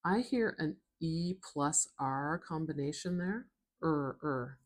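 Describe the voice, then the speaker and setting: A woman with a North American accent teaching phonetics, talking gently and drawing out her words. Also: low-pitched, lively intonation, a little slow. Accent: North American English. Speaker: former children's speech worker. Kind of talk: slow, soothing instructional talk.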